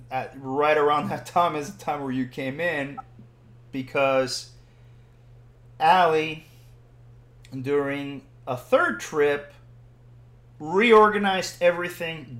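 A man from Puerto Rico telling a story in casual chat, animated and building to loud bursts when excited. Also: on the high side. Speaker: podcast host telling a story. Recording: roomy echoing room.

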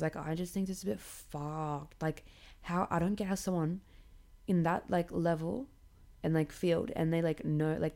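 Creaky-voiced woman ranting. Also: on the low side. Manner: swears a lot, many likes, animated and sarcastic. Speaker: podcast host. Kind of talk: casual ranting podcast monologue.

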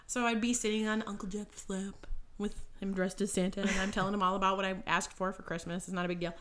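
A woman in her thirties chats casually as a podcast co-host, telling lively family stories. Her voice is bright and clear, and she often bursts out laughing. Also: medium pitch, fast talker, slight background noise. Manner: animated storyteller, breaks into loud laughter. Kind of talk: casual chat.

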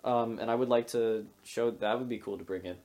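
A man's voice: mid-range voice, steady tone, darkish tone. Rambling young man co-hosting a podcast. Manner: rambling, halting with restarts. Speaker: podcast co-host. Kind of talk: casual chat.

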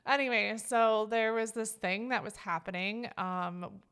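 A woman's voice: medium pitch, measured pace, a bit bright, clean tone. A woman co-hosting a podcast, talking in a casual, emotional way and rambling with many fillers. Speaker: podcast co-host. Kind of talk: casual heartfelt chat.

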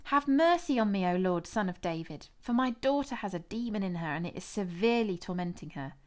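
A woman's voice: mid-range voice, expressive, fairly quick, natural voice. A woman voicing a desperate mother pleading for help in a scripture reading.

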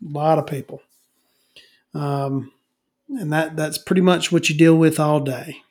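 A man's voice: fairly high pitch, steady tone, unhurried, a little mellow. A middle-aged man on a comedy podcast, ranting and rambling with constant swearing and many restarts.

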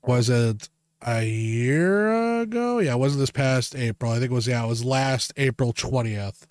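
A man in relaxed conversation, spinning rambling stories with blunt, profane humor. His voice sits at an ordinary middle pitch. The sound is close and dry, with no room in it. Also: measured pace, no echo. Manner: casual, profane, animated when quoting himself. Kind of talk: casual storytelling chat.

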